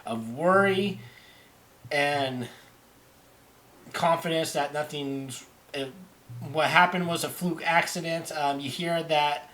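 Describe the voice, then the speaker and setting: A man narrating as game master over online voice chat, halting and restarting often. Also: a little high, pushed and bright. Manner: halting, many restarts and fillers.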